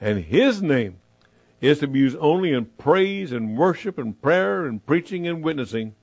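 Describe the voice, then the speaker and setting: A man preaching a sermon as pastor, emphatic, repeating his phrases and slowing down to stress them. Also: a little high, big pitch swings, vocal fry, a little mellow, dry recording.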